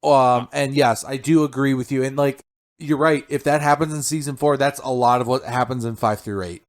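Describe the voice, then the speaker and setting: A man's voice: medium pitch, steady tone, moderate pace. A man co-hosting a podcast, chatting casually and agreeably, often trailing off. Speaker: podcast co-host. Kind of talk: casual podcast review chat.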